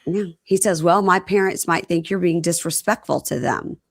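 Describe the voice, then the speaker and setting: Co-host, woman, lower register, lively storyteller who mimics the people she quotes. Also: normal speed, creaky, no room sound, studio quality. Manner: animated retelling, acting out quotes. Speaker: podcast co-host recapping reality TV. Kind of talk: casual chat.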